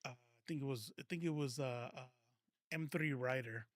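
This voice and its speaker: A man's voice: mid-range voice, normal speed, dry recording, clean studio sound. A man hosting a casual political commentary livestream, rambling and self-correcting, laughing often and swearing freely.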